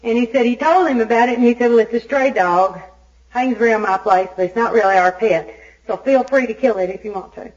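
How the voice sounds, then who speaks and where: A woman from Arkansas gives a recovery meeting talk as an Al-Anon speaker, telling her story in an animated, self-mocking way. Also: fairly high pitch, fairly quick. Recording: dull lo-fi tape recording.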